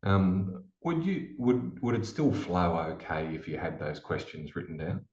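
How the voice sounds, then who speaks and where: Homem hesitante em chamada abafada e ecoante. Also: male voice, low voice, very animated, darkish tone, reverberant, dull audio. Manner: hesitant, halting. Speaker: webinar participant. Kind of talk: asking a question.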